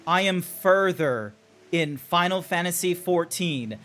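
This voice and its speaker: A young man streaming a game, chatting casually and jokily, often breaking into excited shouts. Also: on the high side. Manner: excitable, jokey, quick bursts of shouting. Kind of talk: casual livestream chat. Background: faint background music.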